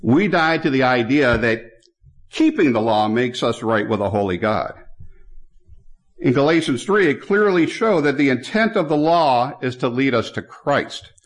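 A man preaching a sermon in a church, reading scripture aloud and speaking to the congregation. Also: medium pitch.

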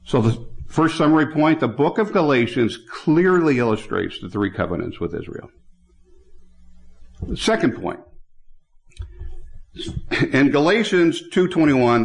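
A man delivers a sermon in a church, reading scripture passages aloud and speaking directly to his congregation. His voice sits in a middle pitch for a man. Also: gravelly. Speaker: preacher.

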